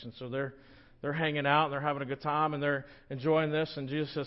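A man's voice: on the high side, level tone, fast, lo-fi sound. A man, a pastor, preaching a sermon in a conversational, joking storytelling manner.

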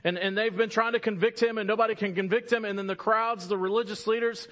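A high-pitched man delivers a sermon like an animated story, getting louder to stress points and turning soft and slow at the key moments.

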